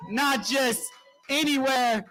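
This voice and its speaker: A man's voice: very high voice, slow, sharp tone, faint music behind, rough recording. A man hosting a live open mic, upbeat and sing-song as he brings up each poet and gets the crowd clapping. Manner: upbeat, call-and-response, sing-song introductions.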